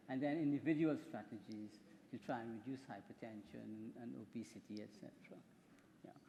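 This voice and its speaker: A man's voice: medium pitch, noisy background. A man, a doctor, giving a conference presentation in a chatty, rambling way with repeated words. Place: conference hall. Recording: hall reverb from a microphone in a conference room.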